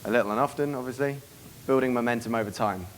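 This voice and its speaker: A man giving a seminar to a live room, brisk and profane, acting out club scenes as he goes. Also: medium pitch, slight background noise. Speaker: dating coach giving a seminar. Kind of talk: live seminar talk to an audience.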